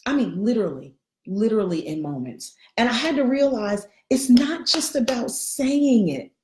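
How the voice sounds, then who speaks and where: A middle-aged woman giving an animated live coaching talk, greeting viewers by name. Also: on the high side, normal speed, reverberant. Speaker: life coach.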